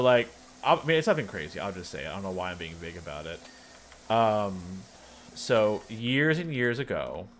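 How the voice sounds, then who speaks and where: Guy streaming, lowish voice, rambles and restarts a lot, bit of faint noise behind him. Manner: rambling, self-interrupting, wry. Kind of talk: casual storytelling chat.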